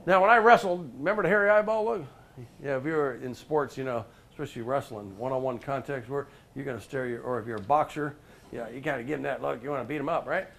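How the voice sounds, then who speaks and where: A man's voice: mid-range voice, fast talker, creaky. A middle-aged man, a professional speaker, telling a story to a live group and quizzing listeners by name. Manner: animated, addresses listeners by name with questions.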